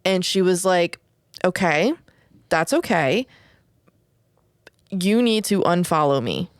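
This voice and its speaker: A woman's voice: on the low side, animated, takes it slowly, dry recording, clean studio sound. A woman, telling a personal story in casual podcast chat, full of "like" and "whatever" and the odd swear. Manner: candid storytelling, frequent "like" and "whatever".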